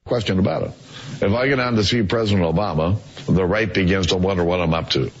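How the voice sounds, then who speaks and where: A man answering interview questions in a halting way, with many fillers, in a clip played on the radio. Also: low-pitched. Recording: dull lo-fi clip played on air.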